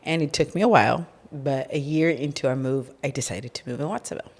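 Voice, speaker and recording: Casting: middle-aged woman, low voice, podcast co-host, chatty storyteller who acts out what people said. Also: fast talker, husky. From California. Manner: animated, acts out quoted dialogue. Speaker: podcast co-host, business founder. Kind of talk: casual storytelling chat.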